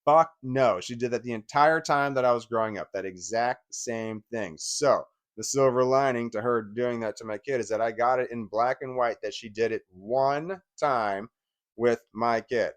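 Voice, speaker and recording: A man's voice: medium pitch, moderate pace. A man in his forties giving an angry, profane personal rant, often stumbling and restarting his sentences. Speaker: vlogger.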